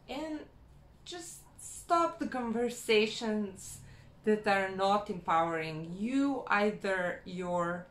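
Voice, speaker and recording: Woman vlogger, frank self-help talk, slow and measured, roomy echo. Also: medium pitch. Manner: unhurried, frank, repeats phrases for emphasis. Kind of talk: casual motivational talk to camera. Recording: echoey room with faint background hum.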